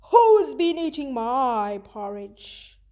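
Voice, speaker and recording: A woman voicing a big, gruff father bear in a storybook reading, growling loudly. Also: high voice, very animated, slow pace, exaggerated voice. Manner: growling, loud.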